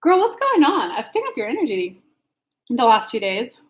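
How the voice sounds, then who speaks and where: Speaking a little fast with wildly swooping pitch, a woman with a fairly high voice runs a relaxed live stream as an intuitive reader. Frank and talkative, she calls viewers by name and curses casually, all in an echoey room.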